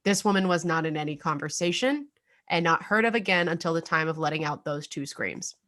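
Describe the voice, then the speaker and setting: With a low, animated, slightly bright voice that runs a little fast, this young adult woman co-hosts a relaxed true-crime podcast. Her talk is chatty and loaded with fillers, broken up by occasional laughter.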